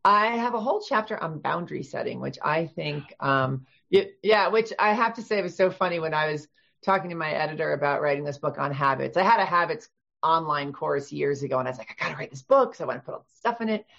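A woman in her fifties, an author guest chatting casually in an interview, talkative and quick to laugh, with many restarts. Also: low voice, lively intonation, gravelly, a bit bright, lo-fi sound. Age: 50s.

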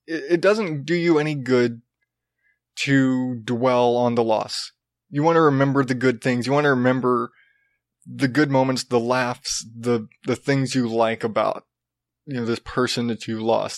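A young man talking alone into a podcast mic, loose and profane, tripping over restarts as he rambles. His voice sits at an ordinary middle pitch. The sound is dry and close, with no room around it. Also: gravelly, no room sound. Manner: rambling, profane, self-interrupting with frequent restarts. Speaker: podcast host. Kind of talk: casual solo podcast monologue.

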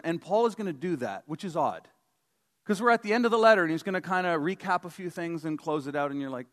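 A man's voice: high-pitched, expressive, brisk, a bit bright. A man preaching a sermon as pastor, in a conversational, joking way with emphatic stresses.

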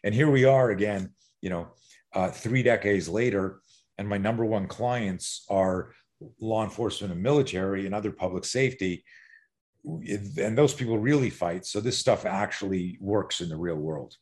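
A middle-aged man, a self-defense instructor, talking as a podcast guest in an animated, profane way, acting out fight scenarios. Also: on the low side, normal speed.

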